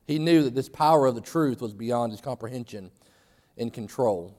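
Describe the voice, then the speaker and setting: A man preaching a sermon in a church, talking conversationally and getting animated for emphasis. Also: mid-range voice, moderate pace, long reverb tail. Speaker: pastor. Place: church sanctuary.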